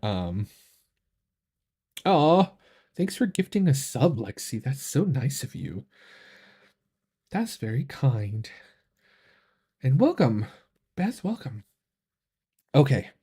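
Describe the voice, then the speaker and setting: A man hosting a casual live stream, chatting in a relaxed, rambling way with many fillers and restarts, enthusiastic about what he shows. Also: medium pitch, slow pace, pauses often, breathy edge. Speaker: tarot reader and channel host.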